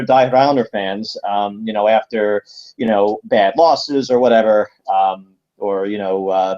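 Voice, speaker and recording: A man's voice: mid-range voice, dark tone, highs cut off. A man co-hosting a casual sports podcast, talking at length with many fillers and frequent laughs. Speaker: podcast co-host.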